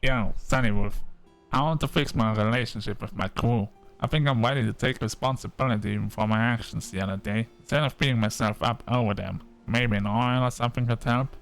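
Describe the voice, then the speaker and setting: A man's voice: mid-range voice, a little fast, fairly bright tone, faint music behind, natural voice. A man voicing a male cowboy customer in a video game, speaking in a put-on cowboy drawl. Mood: earnest.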